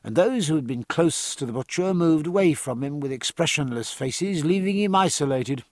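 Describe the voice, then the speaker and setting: A man narrating an audiobook with an expressive, varied reading. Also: a little high, moderate pace, no room sound.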